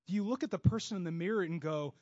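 A man preaching a sermon with passion, moving between loud bursts and hushed stretches. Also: high-pitched, racing. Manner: acts out God's voice and inner voices in quotes. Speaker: pastor. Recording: dull lo-fi sound.

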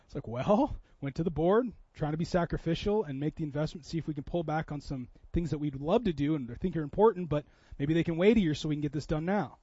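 A man's voice: on the high side, a little fast, hardly any pauses, darkish tone, no room sound, dull audio. A man preaching a sermon in a church, telling a story in a conversational way that builds to impassioned preaching. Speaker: pastor.

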